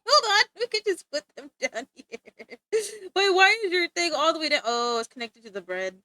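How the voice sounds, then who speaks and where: A woman's voice: very high-pitched, very animated, moderate pace, pushed and bright, dry recording. A woman chatting casually to her viewers while streaming art, bubbly and laughing often. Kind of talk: casual livestream chat.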